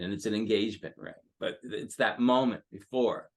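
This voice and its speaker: Rambling low-voiced man giving advice. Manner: rambling, halting, many fillers. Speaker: headshot photographer, seminar guest. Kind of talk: casual advice in an online seminar.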